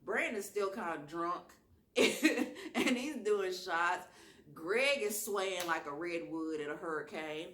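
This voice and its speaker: A woman with a strong Southern accent, telling a wild story in a casual vlog with slang and lively asides. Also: lowish voice, slow pace. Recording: echoey room.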